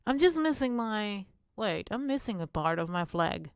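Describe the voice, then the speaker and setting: A woman's voice: medium pitch, sing-song, normal speed, gravelly, clear, resonant tone, no room sound, studio quality. A woman whose first language is not English, live-streaming a Minecraft build and chatting in a rambling way while she plays and mutters to herself.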